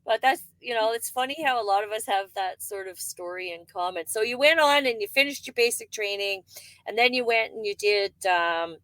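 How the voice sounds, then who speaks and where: A woman's voice: mid-range voice, fairly quick, dry recording. A woman co-hosting a veterans' podcast, telling stories in casual conversation and laughing often. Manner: animated storyteller, laughs often.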